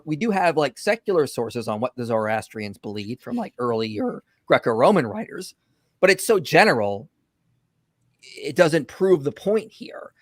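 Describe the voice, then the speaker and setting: An animated male host runs a livestream commentary and rushes ahead in quick bursts, with plenty of fillers along the way. His voice sits at a middling pitch. The sound is close and dry. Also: dry recording.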